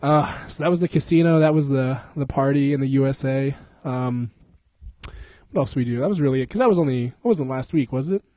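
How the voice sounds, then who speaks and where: A man's voice: mid-range voice, fairly quick, dark tone, dry recording. Young man rambling, laughing, swearing. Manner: rambling, profane, laughs often, slips into silly voices. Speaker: podcast co-host. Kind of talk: casual podcast chat.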